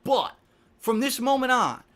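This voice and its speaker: A man's voice: very high voice, sing-song, a little slow, fairly bright tone. A man giving an emotional, indignant speech to camera as a content creator, repeating himself for emphasis.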